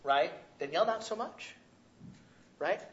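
A man delivers a sermon in a loud, conversational way, tossing in quick asides to his listeners. His voice sits a little high for a man. The recording is dull and lo-fi. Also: lively intonation. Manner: loud, conversational preaching with frequent "right?" asides. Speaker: pastor.

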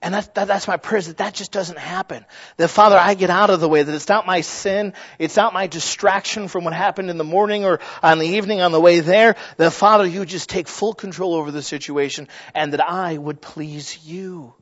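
Pastor, male, middle-aged, high voice, lively sermon with restarts, slightly muffled recording. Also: a little fast. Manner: lively storytelling with frequent restarts and asides. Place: church sanctuary.

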